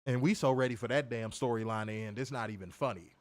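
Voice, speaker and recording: A man co-hosting a casual wrestling review podcast, animated, swearing freely and laughing often. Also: medium pitch, fast talker. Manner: animated, profane, laughs a lot. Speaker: podcast co-host.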